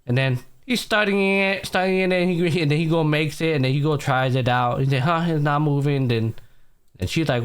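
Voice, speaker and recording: A man's voice: on the high side, a little fast, clean tone. A young man hosting a podcast, casually retelling anime episodes, acting out the characters' lines in loose, slangy talk with some swearing. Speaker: podcast host. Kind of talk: casual anime recap chat.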